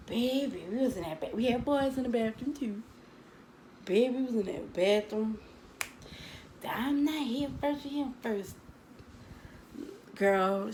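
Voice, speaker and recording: A storytime vlogger with a medium-pitched voice tells her viewers a story from her school days, chatty and dramatic, calling them "girl" and "baby." The audio is poor, with a little hiss or hum.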